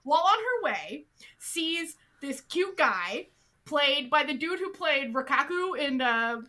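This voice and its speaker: A chatty woman co-hosting a casual podcast, retelling a show with animated energy. Her voice sits high and sounds bright, and she fills her sentences with "like". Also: takes it slowly. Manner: animated, chatty, heavy use of "like". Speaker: podcast co-host. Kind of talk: casual chat recapping a TV show.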